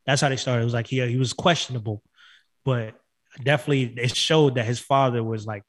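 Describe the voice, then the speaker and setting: A man's voice: medium pitch, fairly even intonation, a little fast. A young man co-hosting a podcast, telling stories in loose, slangy banter. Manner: loose, laughing, slangy storytelling. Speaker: podcast co-host.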